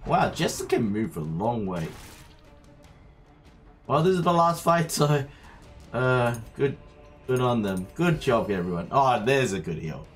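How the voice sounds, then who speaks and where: A man's voice: mid-range voice, sing-song, a little slow, pauses often. A man streaming a game, chatting to himself and his viewers as he plays. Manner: chatty, talks to himself while playing. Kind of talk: live gameplay commentary. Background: faint game music.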